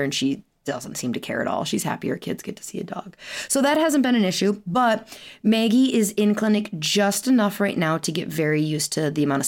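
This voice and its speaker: A woman hosts her own podcast in a loose, chatty style, laughing often and tossing in the odd curse. She sounds worn out but stays animated. Her voice sits a little low for a woman. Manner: chatty and animated, with frequent fillers, laughs and casual swearing. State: tired. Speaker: podcast host and chiropractor. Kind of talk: casual solo podcast chat.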